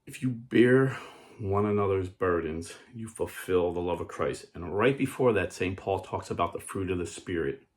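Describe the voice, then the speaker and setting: A man's voice: low voice, moderate pace. A man preaching an earnest sermon and telling a parable, often restarting and repeating words. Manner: tells a parable. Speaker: Catholic preacher.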